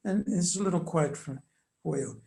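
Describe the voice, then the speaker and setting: An older man answering interview questions in a measured, hesitant way with many fillers, reading quoted passages aloud with emphasis. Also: fairly high pitch, vocal fry, warm tone. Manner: reads quotations aloud with emphasis. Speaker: commentator on church social teaching.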